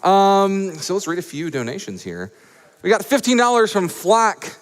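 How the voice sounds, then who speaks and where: A man from Atlanta hosting a live charity gaming event, reading donations with playful, high-energy hype and jokes. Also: big pitch swings, normal speed. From Atlanta, USA. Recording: echoey event hall.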